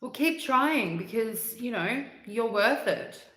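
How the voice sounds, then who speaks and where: A woman's voice: fairly high pitch, lively intonation, takes it slowly, a bit bright. Chatty woman in an echoey room. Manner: chatty and upbeat, laughs often, hums and sings snippets. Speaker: livestream host. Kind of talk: casual livestream chat reading comments.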